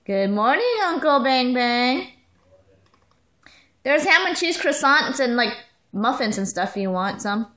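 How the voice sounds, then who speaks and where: A woman's voice: on the high side, big pitch swings, takes it slowly, long pauses, a bit bright. A mother talking to her baby in a home video, coaxing and teasing in playful sing-song baby talk.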